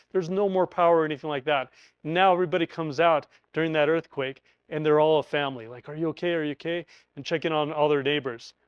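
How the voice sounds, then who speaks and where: A man teaching emergency preparedness, talking through a scenario in an animated storytelling way and acting out quoted voices. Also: on the high side, clean tone, no echo, dull audio.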